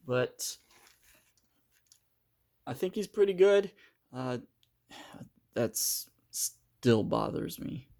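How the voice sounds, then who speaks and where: A man's voice: mid-range voice, vocal fry, a little mellow. A man giving a casual, unscripted toy review, hesitant and full of fillers as he handles the figure.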